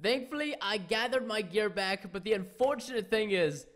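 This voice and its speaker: Young male Let's Play host, high and animated, excitable, jokes with his viewers. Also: normal speed, a little hiss or hum. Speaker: gaming YouTuber.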